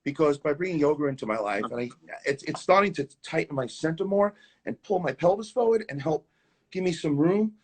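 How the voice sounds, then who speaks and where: A man with a New York accent, a tap dancer telling stories in a casual interview, animated and repeating words as he goes, on a video call. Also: a little high, husky.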